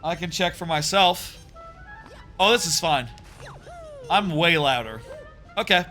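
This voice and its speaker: A man in his thirties rambles through casual stream chatter, full of ums and restarts. His voice sits fairly high and sounds bright and forceful. Faint game music plays behind him. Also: lively intonation, measured pace. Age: 30s. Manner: rambling, with many fillers and restarts. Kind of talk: casual live-stream chatter while gaming.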